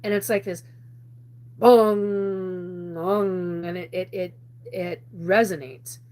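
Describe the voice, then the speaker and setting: A woman's voice: on the low side, moderate pace, a little mellow. A woman hosting a live show, telling a personal story in a rambling way with many restarts and frequent laughter. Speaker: host.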